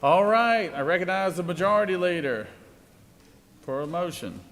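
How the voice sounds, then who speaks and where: A man presiding over a legislative floor session, moving between formal procedure and relaxed joking. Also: fairly high pitch, normal speed. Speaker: presiding officer of a state senate.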